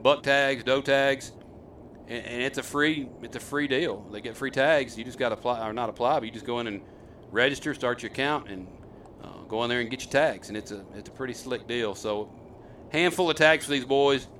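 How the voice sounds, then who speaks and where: A middle-aged hunting host talks at an everyday pitch, and his voice comes across bright and forceful. He spins a loose, rambling story to the camera. Every so often he turns to his sons with questions, and faint background noise sits under his voice. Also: fairly quick. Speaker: host, hunter and father.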